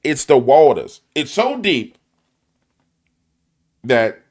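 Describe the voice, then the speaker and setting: A man with a New Orleans accent giving animated, preachy conspiracy commentary full of slang and repetition. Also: mid-range voice, extremely slow.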